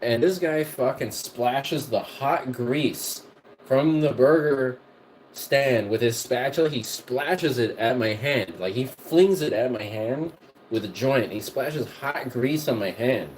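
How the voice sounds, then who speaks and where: This livestream host and music producer wanders through stories as he cooks, cursing and circling back over the same points. He speaks slowly in an expressive, mid-range voice, and a little hiss or hum is audible.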